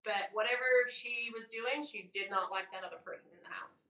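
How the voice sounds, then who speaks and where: A woman co-hosting a podcast tells an eerie story in a bright, forceful voice. She shifts between loud bursts and hushed asides. She sounds a little distant from the mic in a roomy space. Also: a little high, a little fast. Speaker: podcast co-host. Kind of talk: casual chat, telling a ghost story.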